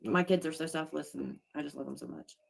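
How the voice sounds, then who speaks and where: Low-voiced middle-aged woman, chatty. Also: steady tone, brisk, creaky, breathy edge. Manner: chatty, defensive. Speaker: livestream co-host. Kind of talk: casual livestream chat.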